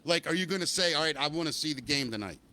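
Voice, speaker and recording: A man hosts a loose live talk show in a bright, slightly high voice. He rambles, hedges his opinions and cheerfully plugs the chat room and phone line. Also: expressive, quick pace. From Baltimore, Maryland. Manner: rambling, hedging, upbeat plugs. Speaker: podcast host.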